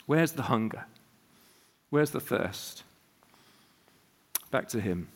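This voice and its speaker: A man preaching a sermon as a guest speaker, telling revival stories with emphatic rhetorical questions and animated delivery. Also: medium pitch, slow, husky, long reverb tail.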